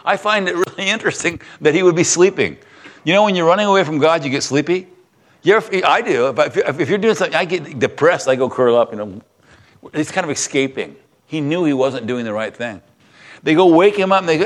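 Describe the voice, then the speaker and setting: A man delivers a sermon, retelling scripture in an animated storytelling manner. He slips into different voices for the characters as he goes. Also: a little high, a little fast. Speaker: pastor.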